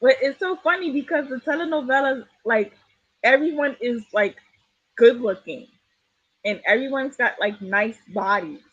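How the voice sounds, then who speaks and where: A woman's voice: high voice, moderate pace, a bit bright, no echo. A woman hosting a podcast, chatting casually and laughing often. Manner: laid-back, laughs often. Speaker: podcast host. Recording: dull, dry audio.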